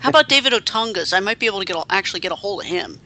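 Co-hosting a laid-back podcast on pro wrestling, a woman speaks rapid-fire in a sharp, expressive, mid-range voice. She's chatty, wry and indignant, often restarting her sentences.

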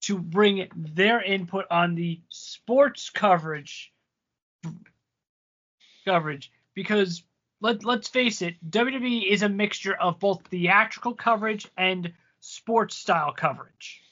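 A man in a casual wrestling chat, speaking haltingly and restarting his sentences. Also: high voice, bright, forceful tone. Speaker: podcast co-host. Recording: dull lo-fi audio.

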